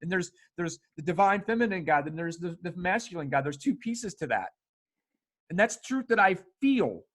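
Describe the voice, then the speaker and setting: Brief: higher-pitched middle-aged male host, emphatic, animated, salty language. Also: normal speed. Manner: animated, emphatic, swears freely. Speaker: podcast host. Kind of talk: casual conversation.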